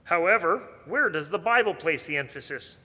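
A man's voice: on the high side, animated, normal speed, sharp tone, big-room sound. A male pastor delivering a sermon, earnest and posing rhetorical questions to the congregation.

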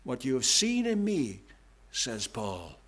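His pitch swoops wildly as this male pastor preaches slowly, leaning heavily on important words. The sermon is emphatic and repetitive, with large shifts in pitch and volume.

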